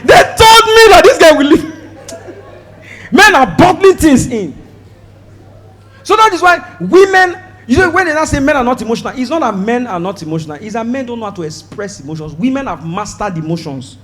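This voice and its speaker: A man with a Nigerian accent doing a stand-up comedy set, loud and animated, acting out voices and shouting his punchlines. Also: extremely high pitch, a little fast. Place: stage before a live audience.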